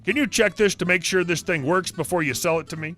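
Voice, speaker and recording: A man's voice: high-pitched, fast, a bit bright, soft background music. A man voicing an aggressive old man shopper who makes demands and accusations. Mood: demanding.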